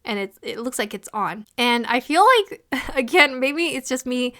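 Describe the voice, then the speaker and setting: A woman's voice: sits high, expressive, moderate pace, a bit bright. A woman talking through an anime episode in a casual review, earnest and emotional, with many "you know" fillers.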